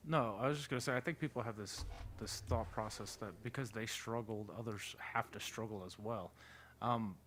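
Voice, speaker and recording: A man's voice: fairly low pitch, steady tone, moderate pace, a bit bright, a little hiss or hum. A man joining a stream conversation, speaking hesitantly and often repeating words. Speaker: guest on a stream. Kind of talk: casual discussion.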